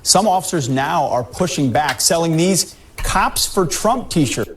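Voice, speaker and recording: A male news reporter with a slightly high voice reads a story in a brisk, informative way. His delivery moves lively up and down, and faint noise and clicks sit behind him.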